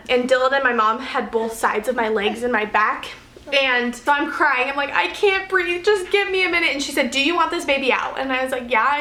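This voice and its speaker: A woman's voice: high-pitched, sharp tone. A young woman vlogger telling a story in a casual, chatty way, with lots of fillers and laughs. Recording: echoey room.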